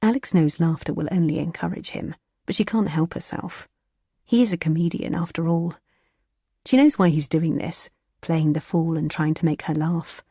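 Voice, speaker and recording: A woman narrating a thriller audiobook in a measured, even storytelling manner. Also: low voice, slightly rough, no room sound, clean studio sound.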